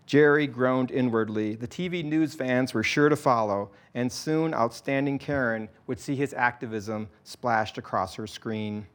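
Brief: male narrator, mid-pitched, steady storytelling. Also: unhurried, few pauses. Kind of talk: scripted narration.

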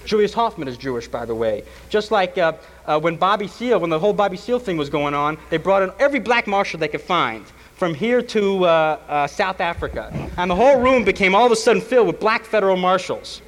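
A man who is on trial tells a university audience a mocking, animated story, full of fillers and impersonations. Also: high-pitched, brisk, hardly any pauses, in a large hall, poor audio. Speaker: trial defendant addressing students. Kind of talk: animated public speech.

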